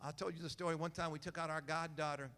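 A man's voice: a little high, steady tone, fast, pushed and bright. A man preaching a sermon, speaking emphatically and driving points home by repeating short phrases. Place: church hall. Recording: echoey church hall, faint music.

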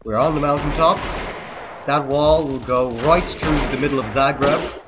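A man's voice: a little high, fairly even intonation, moderate pace, background noise. A man with a put-on Serbian accent, a let's play host giving mock-solemn, declamatory gameplay commentary.

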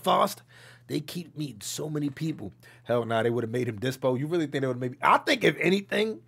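A young man streaming, telling animated stories to his chat, loud one moment and hushed the next, with plenty of swearing. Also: fairly high pitch, gravelly, husky. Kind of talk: casual chat reading a stream chat.

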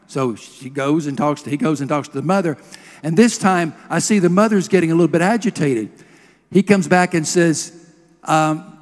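A man's voice: a little high, normal speed. A man preaching a sermon, telling a healing story with emotion and leading a prayer. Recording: long hall reverb.

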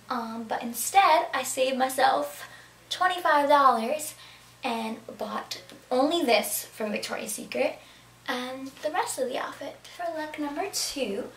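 A woman's voice: fairly high pitch, a bit bright. A young woman chatting about her clothing haul in a bubbly way, sometimes dropping to a whisper for asides. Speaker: fashion vlogger. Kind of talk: casual clothing haul talk. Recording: echoey room, camera at a distance, faint background noise.

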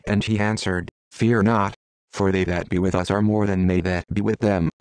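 A man giving a measured, solemn reading of King James scripture. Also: low voice, little pitch movement, darkish tone, smooth, dry recording. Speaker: Bible reader.

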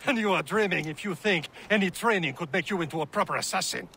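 Chevalier, a haughty naval captain. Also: male voice, sits high, quick pace, bright, forceful tone, slight background noise. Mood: haughty scorn. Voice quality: haughty, cutting, insulting. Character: arrogant, scornful male French-Canadian naval captain, middle-aged. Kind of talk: video game cutscene voice acting.

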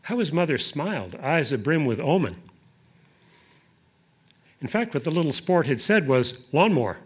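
A poet giving a live poetry reading, deliberate in the verse and hesitant in his asides. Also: on the high side, sing-song, breathy edge.

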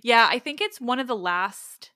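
A woman's voice: on the high side, animated, normal speed, pushed and bright, no room sound, studio quality. A woman in her thirties hosting a podcast, chatting casually and ranting with enthusiasm, sometimes swearing. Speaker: podcast host.

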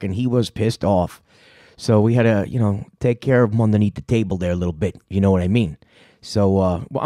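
A man's voice: medium pitch, a little mellow, dry recording, studio quality. A man with a New York accent hosting a comedy show, rambling and swearing in a laid-back way. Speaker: show host and prank caller. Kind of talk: casual podcast talk.

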